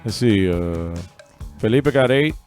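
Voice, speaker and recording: Hosting an online trivia night from home, a man reads questions and answers, drifting into casual, rambling asides in between while soft music plays faintly underneath. His voice is fairly low, expressive and unhurried.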